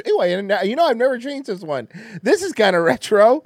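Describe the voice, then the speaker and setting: A man doing casual reaction commentary on a video, mocking and swearing loudly, often breaking into laughter. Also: very high-pitched, big pitch swings, fast talker, no room sound. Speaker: reaction streamer.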